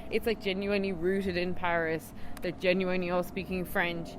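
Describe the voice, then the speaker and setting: A pregnant woman co-hosting a casual film review podcast, quick and lively. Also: on the low side, noisy background. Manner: quick, lively, laughs often. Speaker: podcast co-host.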